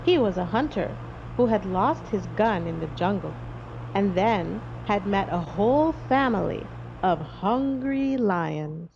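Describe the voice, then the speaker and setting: Slow, expressive woman reading a storybook. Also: mid-range voice, gravelly, dull audio, a little hiss or hum. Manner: slow, expressive read-aloud. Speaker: audiobook narrator.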